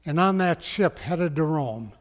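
A man preaching a sermon as a pastor, slow and emphatic, sometimes dropping to a hush. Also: a little high, lively intonation. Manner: slow, emphatic preaching that drops to hushed tones. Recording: long echoing hall.

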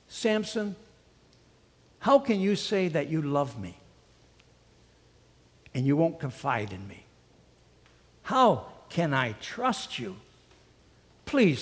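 A man's voice: extremely high pitch, long reverb tail, exaggerated voice. A preacher voicing Delilah, a scheming young woman who pleads and coaxes in an exaggerated sing-song way.

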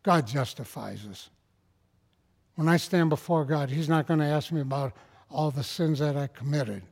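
A man preaching a sermon in a folksy, conversational way that rises into fervent, loud passages. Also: a little high, normal speed, creaky, in a large hall.

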